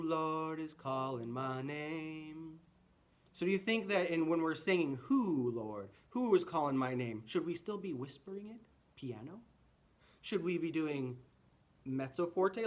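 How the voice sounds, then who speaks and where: A man's voice: on the high side, fairly bright tone. A man teaching a children's music lesson, friendly and full of rhetorical questions, singing short phrases to demonstrate.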